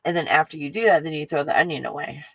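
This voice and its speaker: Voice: medium pitch, quick pace, gravelly, fairly bright tone, breathy edge, no room sound, low-quality recording. Chatty rambling livestream host at home. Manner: chatty, scattered, laughs often, talks to a puppy. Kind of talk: casual rambling livestream chat.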